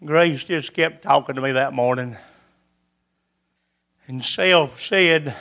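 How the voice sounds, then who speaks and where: A man's voice: medium pitch, slow, long pauses, fairly bright tone. A man preaching a sermon, telling his own testimony in a folksy, repetitive storytelling manner.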